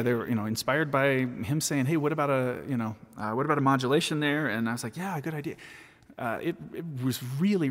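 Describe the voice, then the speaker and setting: A man's voice: mid-range voice, big-room sound. A man, a vocal jazz arranger, chatting casually and self-deprecatingly with viewers while recording his own vocal parts.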